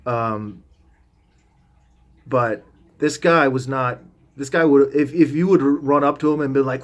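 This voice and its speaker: A man's voice: mid-range voice, a little slow. A man vlogging as he tells a rambling story in a loose, casual way, full of restarts and asides, with the odd swear word.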